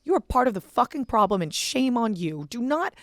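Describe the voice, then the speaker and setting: A young woman hosting a podcast, telling animated, profane stories in casual chat. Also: fairly high pitch, brisk, dry recording, studio quality. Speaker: podcast host.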